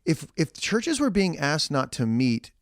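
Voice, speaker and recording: A man's voice: fairly high pitch, very animated, unhurried, dry recording, clean studio sound. A man co-hosting a church podcast in casual chat, earnest and ranting in bursts with frequent restarts.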